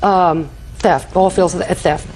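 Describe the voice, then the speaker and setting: A woman's voice: fairly low pitch, fairly even intonation, slow, a little mellow, a little hiss or hum, rough recording. An older woman testifying in a TV courtroom, telling a rambling story and acting out quoted dialogue. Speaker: litigant.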